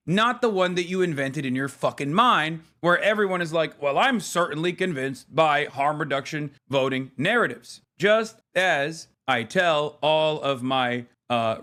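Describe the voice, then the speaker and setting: A man's voice: on the high side, fairly bright tone. A man in his thirties, a streamer doing live reaction commentary on politics, ranting in a profane, sarcastic way.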